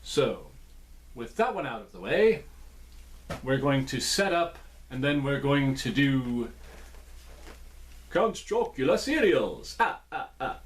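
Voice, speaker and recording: A man's voice: medium pitch, a little hiss or hum. A man reviewing cereal in a casual vlog from a small indoor room, with playful, jokey asides.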